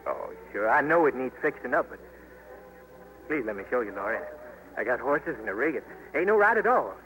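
An actor playing an earnest young trapper with a plainspoken, folksy drawl, in a 1950s radio drama. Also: male voice, mid-range voice, big pitch swings, fairly quick, fairly bright tone, low-quality recording. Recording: hissy 1950s radio broadcast.

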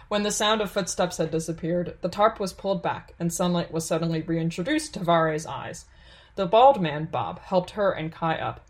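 A woman narrating a fantasy audiobook in a steady, measured storytelling voice. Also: on the low side.

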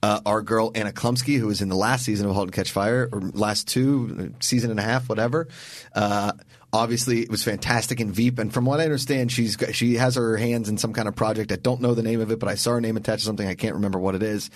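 A man's voice: on the low side, steady tone, fast, no room sound. Rambling, joking male podcast co-host. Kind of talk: casual chat.

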